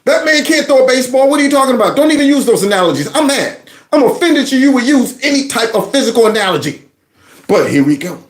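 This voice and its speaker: Man, reaction host, high lively voice, mocking, laughing, echoey room. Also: fast talker. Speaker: commentary host.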